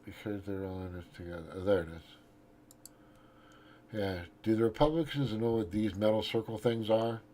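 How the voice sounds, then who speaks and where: On his own show, a man rambles through a casual, profane political rant, scrolling and reading his posts aloud, often restarting and trailing off. His voice is on the low side and warm, with fairly even intonation at a normal speed, over slight background noise.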